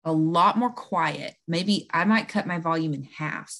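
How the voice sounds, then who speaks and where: A woman's voice: deep voice, unhurried, a bit bright. A woman in her thirties, a conversation coach, explaining earnestly in a podcast interview and acting out quoted lines.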